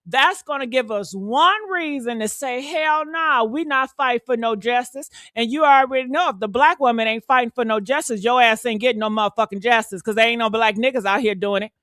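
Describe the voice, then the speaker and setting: Sassy woman with going off on her live, high bright voice, dry sound. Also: a little fast, few pauses, dry recording. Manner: fired-up, sassy, calls viewers honey and baby. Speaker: live stream host. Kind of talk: ranting live stream commentary.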